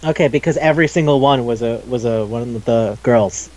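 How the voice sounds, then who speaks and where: A young adult man hosts a podcast, chatting casually and animatedly, laughing a lot and swearing freely. His voice sits at medium pitch with a brisk pace and a darkish tone, and the recording sounds muffled.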